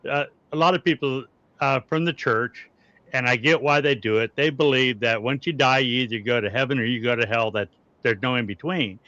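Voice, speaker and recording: A middle-aged man with an Arkansas accent talks earnestly on a video call panel, explaining things the way a preacher would. His voice is bright and forceful. It sits close and dry on a dull, lo-fi line. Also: medium pitch, no echo. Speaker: paranormal investigator and panel guest. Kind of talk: casual panel chat. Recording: dull lo-fi audio.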